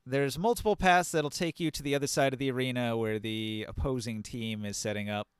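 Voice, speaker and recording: A man's voice: mid-range voice, steady tone, brisk, smooth. A man narrating as game master for a live-streamed tabletop game, setting scenes loosely with fillers. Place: home setup on a live stream. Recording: noticeable background noise.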